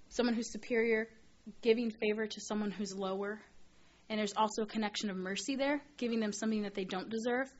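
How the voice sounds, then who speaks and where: A woman's voice: medium pitch, muffled recording. A young woman telling a personal story while teaching a women's Bible study, chatty and earnest, with lots of filler words.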